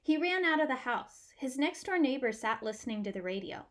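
A woman reading a children's picture book aloud with warm, expressive storytelling. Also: high voice, brisk. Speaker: storybook reader.

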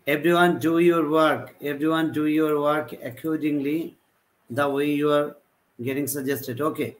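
A man teaching a live online class, repeating example sentences with a halting delivery. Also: a little high, flat delivery, poor audio. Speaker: English teacher.

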